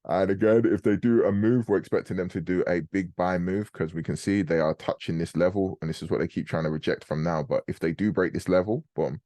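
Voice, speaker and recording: Brief: young male host, very low voice, dry close sound, quick casual trading talk. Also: fairly even intonation, warm tone, dry recording. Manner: fast, casual and explanatory, slangy. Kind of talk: live trading commentary on a group call.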